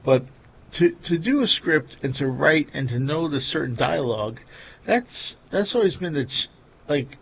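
A man's voice: on the high side, animated, measured pace, creaky, a bit bright, slightly rough, dull audio. A man with a Long Island New York accent, hosting a casual chat and rambling with lots of fillers. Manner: rambling, many fillers like "you know" and "like".

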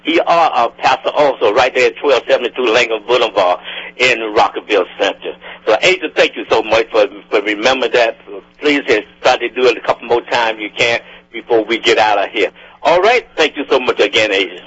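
A man's voice: medium pitch, a little fast, a bit bright, husky. A man hosting a gospel radio show, talking in a folksy, casual way and calling out to his listeners. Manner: folksy, addresses listeners as y'all. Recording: dull lo-fi radio broadcast.

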